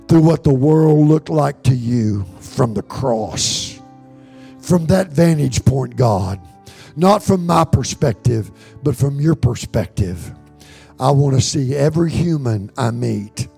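Slow gravelly Texan preacher praying. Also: male voice, mid-range voice, expressive, mellow, faint music behind. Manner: fervent, repetitive prayerful pleading. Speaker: pastor. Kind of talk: sermon prayer. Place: church sanctuary.

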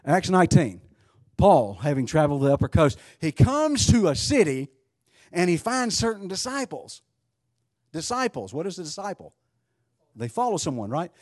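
A male preacher delivers a sermon in a husky, slightly raised voice that swings widely in pitch. He talks emphatically, fires off rhetorical questions and restarts his phrases as he goes. The sound is close and dry. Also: very animated, moderate pace, darkish tone, no echo.

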